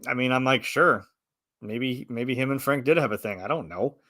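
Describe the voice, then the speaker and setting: Co-host, man in his thirties; casual, rambling, acts out reactions; bright tone. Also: mid-range voice, normal speed, no echo, clean studio sound. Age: 30s. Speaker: podcast co-host reviewing films. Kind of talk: casual chat.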